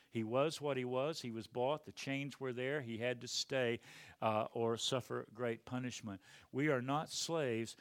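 A male pastor preaching a sermon emphatically, swinging from quiet to loud. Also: mid-range voice, no room sound.

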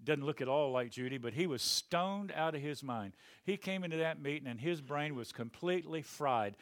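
A male pastor preaching a sermon emphatically, swinging from quiet to loud. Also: on the high side, animated, moderate pace, no room sound.

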